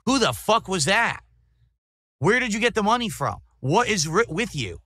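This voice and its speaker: A man's voice: high voice, very animated, normal speed, pushed and bright, no echo, studio quality. A man chatting on a casual livestream. He fires off incredulous, profane questions.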